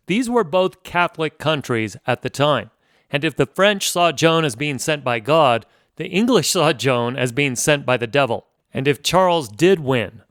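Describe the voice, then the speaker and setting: A man's voice: medium pitch, a bit bright, clear, resonant tone, no room sound, clean studio sound. A man hosting a history podcast, telling the story in a conversational way with wry asides.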